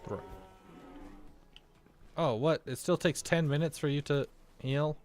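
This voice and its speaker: A man's voice: on the high side, slow, darkish tone. Rambling American man playing a game. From United States. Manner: rambling, chatty musings while talking to game characters. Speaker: gaming video creator. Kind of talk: casual let's-play commentary.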